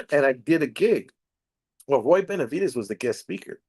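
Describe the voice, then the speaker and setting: A man's voice: a little high, normal speed, slightly rough. A middle-aged man from Texas, a comedian hosting a casual chat, telling family stories with laughs and acted-out quotes. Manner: animated, laughing, acts out quoted voices. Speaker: comedian host.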